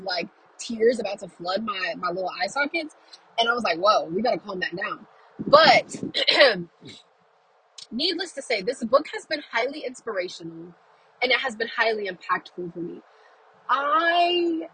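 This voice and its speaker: A woman's voice: medium pitch, sharp tone, slightly rough, rough recording. A young woman talking casually about books on her podcast, chatty and effusive, with asides and fillers. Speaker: book podcaster. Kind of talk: casual chat.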